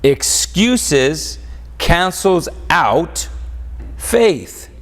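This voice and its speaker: Slow-preaching man in an echoing church. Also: a little high, very animated. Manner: call-and-response preaching, rhetorical questions. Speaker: pastor. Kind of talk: sermon. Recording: long church reverb.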